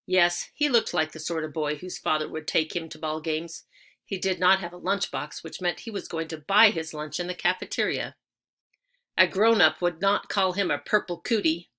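A woman's voice: lowish voice, sharp tone. A woman reading a children's chapter book aloud, telling it expressively and lingering on key words. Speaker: audiobook reader.

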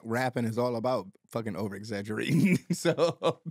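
A man in his forties trades loose, profane stories on a podcast, laughing through his own exaggerations. His voice sits at a middling pitch and is recorded dry and close, with no room sound. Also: expressive, normal speed, darkish tone, dry recording. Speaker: guest rapper. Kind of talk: casual podcast chat.

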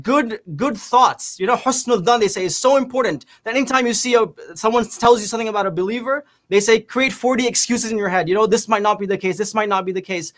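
A man on a religious panel show, retelling a historical story in a lively, vivid way. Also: high voice, fast, few pauses.

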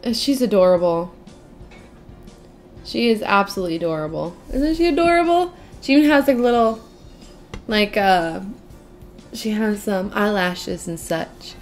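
A woman's voice: mid-range voice, big pitch swings, measured pace, pauses often, faint music behind. A young woman giving casual gameplay commentary, gushing and squealing over cute things with lots of giggles. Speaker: gaming channel host.

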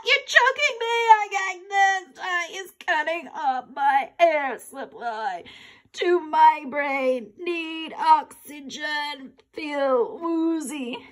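A woman's voice: very high voice, sharp tone, voice pushed up, full character voice. A woman doing a whiny, dramatic eight-year-old boy. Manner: whiny, over-the-top complaining.

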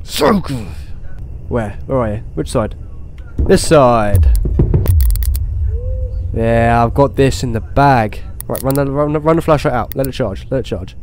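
A young man playing a horror game, talking to himself and swearing, with sudden excited outbursts. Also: mid-range voice, unhurried, pauses often, background noise. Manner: swears, talks to himself, swings between muttering and excited outbursts. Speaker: gaming YouTuber. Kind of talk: horror game let's play commentary.

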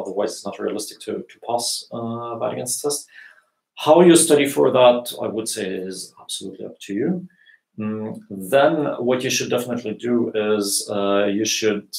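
Creaky-voiced man teaching from home. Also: mid-range voice. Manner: explains patiently, many fillers and restarts. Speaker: language teacher. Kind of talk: live Q&A lesson. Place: home room at dusk. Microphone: earphones with mic. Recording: echoey room.

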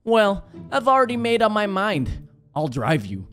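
A man doing joking, animated play-by-play commentary while playing a horror game. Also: high voice, unhurried, faint music behind. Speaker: gaming YouTuber.

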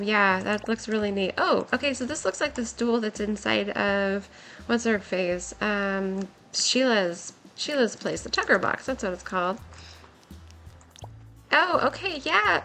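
A woman's voice: mid-range voice, expressive, unhurried, a bit bright, faint music behind. Giggly, gushing young woman streamer. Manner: gushing, giggly, exclaims often. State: voice nearly gone, worn. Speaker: game streamer. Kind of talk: excited gameplay commentary.

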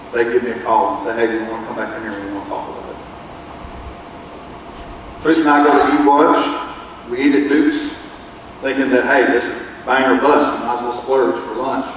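A man preaches as a pastor, telling his story in a folksy, conversational way and acting out the other people in it. His voice sits at an ordinary middle pitch. The recording is distant and echoey, with the long ring of a church hall. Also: slight background noise. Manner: folksy storytelling, quotes others in lively bursts. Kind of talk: sermon testimony. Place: church sanctuary.

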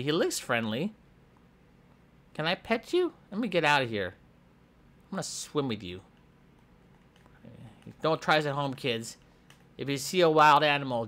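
A man voicing a goofy, excitable schoolboy hero in a comedic game voiceover, jumping between squeals and mutters. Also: a little high, exaggerated voice. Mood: excited. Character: hyper boastful schoolboy hero with a pet shark. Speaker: gameplay voice actor.

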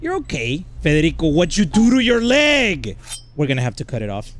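Loud joking man with Mexican accent. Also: on the high side, wildly swooping pitch, a little fast, background noise. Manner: loud, crude, joking, yells in bursts. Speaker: gaming YouTuber. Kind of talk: comedic VR gameplay commentary.

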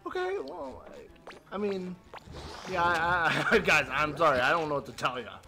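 A male streamer commentating live on his gameplay, excitable and laughing, yelping at the game and talking to his chat. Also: fairly high pitch, measured pace, creaky. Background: game music.

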